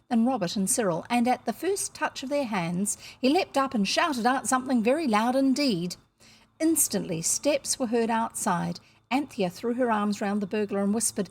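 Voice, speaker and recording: A woman's voice: mid-range voice, darkish tone, breathy edge. A woman from New Zealand with a New Zealand accent, reading a children's novel aloud with chatty asides. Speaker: audiobook reader.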